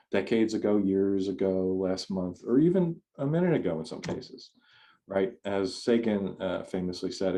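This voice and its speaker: Low, mellow-voiced man giving an online talk. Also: a little hiss or hum. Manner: conversational, rambling with frequent restarts. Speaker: speaker. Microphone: video call.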